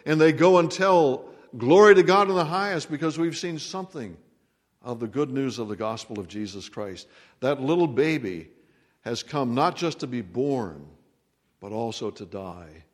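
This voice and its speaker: Male pastor, mid-pitched, unhurried dramatic sermon delivery, church hall reverb. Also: expressive. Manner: slow, dramatic preaching that swells to emphatic peaks. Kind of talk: Christmas sermon. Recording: long reverb of a large hall.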